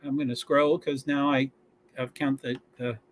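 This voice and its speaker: A man's medium-pitched voice, with little movement in pitch, carries a casual sports watch-along stream. He reads rosters and stats aloud, sprinkling in fillers, pauses and chatty asides.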